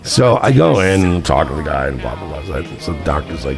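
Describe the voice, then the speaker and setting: A man with a very low voice tells a story straight to his viewers in a loose, sarcastic, profane way. He rambles and brushes details aside with "blah, blah". Faint guitar music plays underneath. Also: big pitch swings, fairly quick, gravelly, few pauses. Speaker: vlogger. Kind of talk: casual storytelling.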